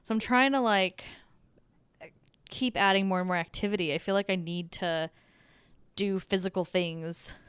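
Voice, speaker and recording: A woman co-hosting a podcast, talking in a relaxed, responsive casual chat. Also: mid-range voice, moderate pace, long pauses, smooth, no echo. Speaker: podcast co-host. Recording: dry close recording.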